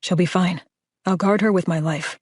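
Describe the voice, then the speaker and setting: A woman's voice: lowish voice, steady tone, moderate pace, a little mellow, no room sound, clean studio sound, close to an everyday voice. A woman reading an audiobook, voicing an easygoing, reassuring adult man in her own voice. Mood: calm. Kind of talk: audiobook character voice.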